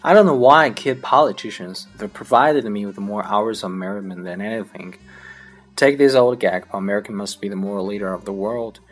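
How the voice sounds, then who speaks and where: A man whose first language is Chinese, reading a comic monologue aloud in English with a lively storytelling delivery. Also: lowish voice, fairly quick, faint music behind. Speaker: English learner practicing accents.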